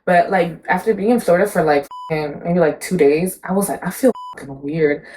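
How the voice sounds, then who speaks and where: Young woman with a lowish voice, chatting casually. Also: fairly quick, darkish tone, rough recording. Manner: chimes in with short reactions, swears casually. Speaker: podcast co-host. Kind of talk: casual chat.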